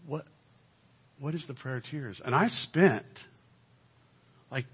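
Husky man preaching, lo-fi sound. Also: medium pitch. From United States. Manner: animated, swings between loud emphasis and quiet asides. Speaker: guest speaker. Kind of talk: sermon-style teaching talk. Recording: dull lo-fi recording.

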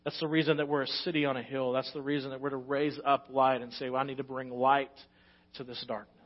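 A man's voice: mid-range voice, dull audio. A man with a Texan accent, a pastor preaching a sermon, telling stories with rising energy and then settling into earnest teaching. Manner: animated storytelling, rising loud and fast in anecdotes.

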